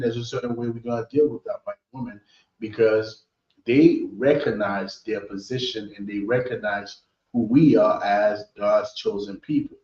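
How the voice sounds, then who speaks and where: Male teacher, measured emphatic scripture lesson, echoey lo-fi room recording. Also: mid-range voice. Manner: emphatic, checks in with "right?" often. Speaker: teacher of a scripture history class. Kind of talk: preaching-style scripture lesson. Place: meeting hall. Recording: roomy, dull lo-fi recording.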